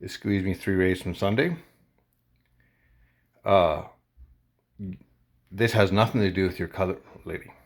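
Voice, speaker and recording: A man vlogger casually recounting a confrontation in an animated, indignant way. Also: sits low, a little slow, pauses often. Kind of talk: casual storytelling to camera.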